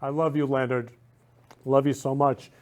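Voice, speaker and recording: A man's voice: mid-range voice, flat delivery, moderate pace, a little mellow. A man hosting a talk show, speaking casually and effusively, rambling and constantly saying he loves people. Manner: effusive, repeats "love" and "I love you" constantly; rambling with frequent restarts.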